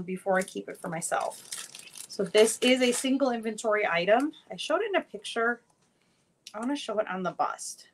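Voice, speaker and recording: A woman's voice: mid-range voice, slight background noise. A chatty, upbeat woman hosting a live jewelry sale, showing pieces and greeting viewers by name. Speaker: live-stream jewelry seller. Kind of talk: casual live-sale chat.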